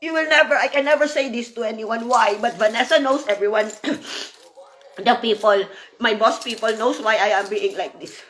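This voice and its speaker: High-voiced woman venting emotionally. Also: moderate pace, a bit bright, slight background noise. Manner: emotional, repeats herself, frequent "you know". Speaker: former apprentice. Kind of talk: emotional personal vlog monologue.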